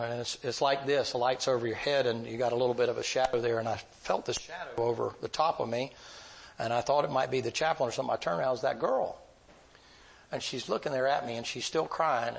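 A man preaching, telling a long story in a folksy, drawn-out way. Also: mid-range voice, vocal fry, husky, poor audio. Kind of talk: sermon storytelling.

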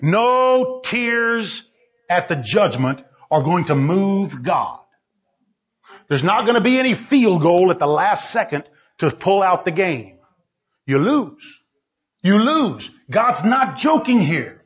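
A man preaching a fiery sermon, pleading and shouting at the peaks, then dropping low and quiet. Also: very animated, takes it slowly, slightly rough, lo-fi sound.

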